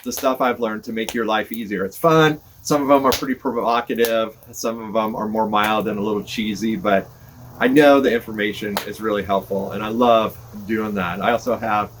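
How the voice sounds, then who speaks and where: With a fairly low, steady voice at normal speed, an older man who hosts a podcast talks casually to camera from his outdoor porch by a fire. His rambling is folksy and self-deprecating, set against crackling fire and passing cars.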